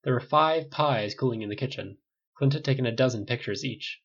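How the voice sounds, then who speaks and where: A man reading a story aloud in steady, even narration, on a dull lo-fi recording. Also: medium pitch, fairly quick, slightly rough. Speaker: reader. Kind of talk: audiobook narration of fan fiction.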